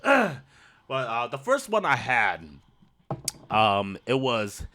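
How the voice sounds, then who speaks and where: Animated, laughing young man telling stories. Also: medium pitch, slow pace, a little hiss or hum. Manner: laughs often, swears freely, animated retelling. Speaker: podcast host. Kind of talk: casual storytelling chat.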